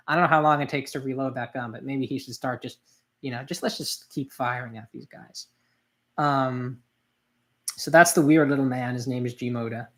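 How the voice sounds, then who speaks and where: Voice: mid-range voice, fairly even intonation, normal speed, fairly bright tone. Manga reader, live read-through, casual, rambling, lots of fillers.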